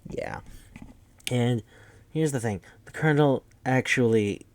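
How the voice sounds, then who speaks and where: A man's voice: medium pitch, animated, slow, dry recording. A man casually recapping a movie, rambling and swearing with lots of fillers. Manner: rambling, profane, full of fillers. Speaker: podcast host.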